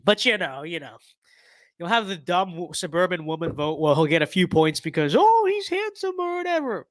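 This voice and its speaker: A man's voice: on the high side, fairly quick, a bit bright, dry recording. A young man with a stuffy nose, giving blunt, sarcastic and rambling political commentary in a casual livestream.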